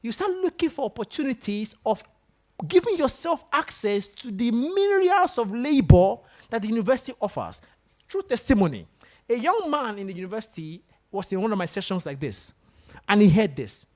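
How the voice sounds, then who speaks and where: A man gives a motivational talk to a room of students. His pitch swings widely as he fires questions straight at the crowd and pushes them to answer. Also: normal speed. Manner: animated, questions the audience directly. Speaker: guest speaker at a university.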